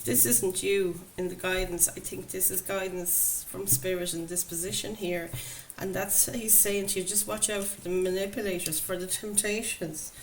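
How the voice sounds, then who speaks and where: A woman's voice: lowish voice, flat delivery, normal speed, few pauses, poor audio. A woman doing a chatty, enthusiastic tarot reading, talking to her viewers. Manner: enthusiastic, chatty, laughs often. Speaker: tarot reader. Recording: faint background noise.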